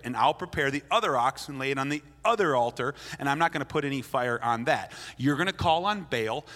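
A man's voice: fairly high pitch, fairly bright tone. A man preaching a sermon to a crowd, blunt and playful, acting out the lines he quotes. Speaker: pastor. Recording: long hall reverb.

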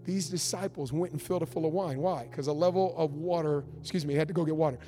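Fervent high-voiced male preacher. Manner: fervent preaching with sudden loud and hushed turns. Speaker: pastor. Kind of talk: sermon.

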